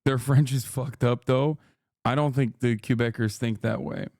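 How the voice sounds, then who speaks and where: A man's voice: mid-range voice, steady tone, moderate pace, a little mellow, no echo, studio quality. A man streaming live, reacting in casual chat, incredulous and profane as he reads out chat messages.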